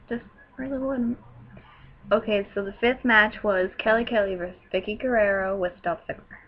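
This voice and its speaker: Excitable teenage girl gushing. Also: mid-range voice, slightly rough, dull audio. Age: teens. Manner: gushing, excitable, with loud outbursts. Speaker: wrestling show reviewer. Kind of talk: casual recap.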